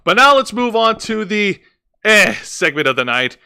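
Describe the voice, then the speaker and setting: A man's voice: high-pitched, very animated, moderate pace, pushed and bright, clean tone. A man co-hosting a wrestling podcast, recapping segments with many fillers and restarts. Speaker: co-host. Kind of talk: casual wrestling review chat.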